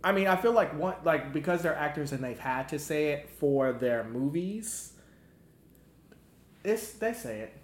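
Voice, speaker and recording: A man hosting a podcast, chatting casually and animatedly and slipping into high mimicking voices. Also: expressive, unhurried. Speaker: podcast host. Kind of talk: casual chat. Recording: echoey room.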